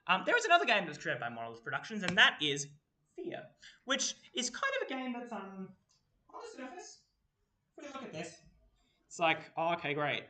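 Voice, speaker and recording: A man's voice: sits high, huge pitch swings, moderate pace, long pauses, sharp tone. A young Australian man giving a casual, rambling workshop talk full of fillers. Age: young adult. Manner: chatty, rambling, many fillers. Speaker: workshop presenter. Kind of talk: casual lecture. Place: university lecture room. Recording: roomy echo, mic far off.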